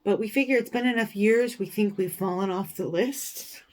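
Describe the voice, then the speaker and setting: A woman hosting a stitching vlog, telling a story in a casual, animated way with indignant, sarcastic asides. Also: mid-range voice, normal speed. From United States. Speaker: cross-stitch vlogger, show host.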